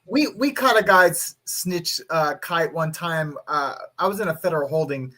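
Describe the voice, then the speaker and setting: A man co-hosting a casual chat, speaking haltingly with many fillers and restarts. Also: on the high side, animated, pushed and bright.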